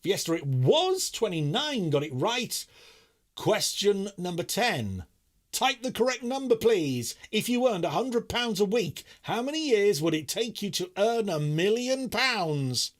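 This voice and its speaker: A man's voice: high-pitched, sing-song, a little slow. A middle-aged man hosting a live online quiz, reading questions with playful, self-mocking banter.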